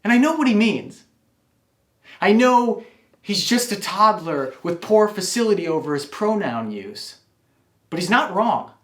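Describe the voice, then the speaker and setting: A man's voice: high voice, roomy sound. Wry man telling a personal story. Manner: wry, confessional.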